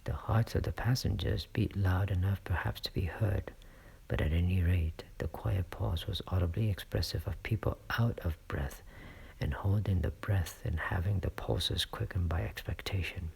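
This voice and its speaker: A man reading a classic novel aloud as a narrator, in a hushed storytelling manner. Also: low voice, normal speed, gravelly, husky, whispered. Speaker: audiobook reader. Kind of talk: scripted narration.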